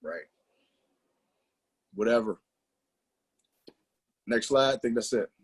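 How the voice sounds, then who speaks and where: A man leading a motivational sales training, emphatic and animated, throwing out rhetorical questions and slang. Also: medium pitch, slow pace, slightly rough. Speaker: business trainer presenting to a team.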